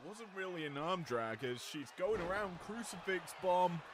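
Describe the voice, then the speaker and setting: A man's voice: moderate pace, background noise. Man doing chatty wrestling play-by-play. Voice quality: slight growl when calling moves. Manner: chatty asides that rise into louder, higher calls on big moves. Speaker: wrestling commentator. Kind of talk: play-by-play commentary on a simulated match.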